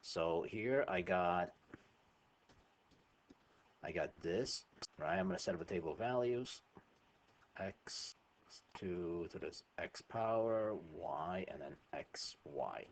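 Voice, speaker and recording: A man's voice: deep voice, lively intonation, slow pace, long pauses. A man teaching a math lesson over a screen recording, chatty and informal, often checking in with "right?".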